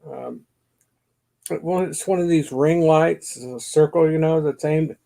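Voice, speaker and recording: Middle-aged male vlogger, slightly high gravelly voice, slow and rambling, self-mocking asides. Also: warm tone. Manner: rambling, self-deprecating, mutters to himself. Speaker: YouTube channel host. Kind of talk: casual chat to camera. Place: home basement.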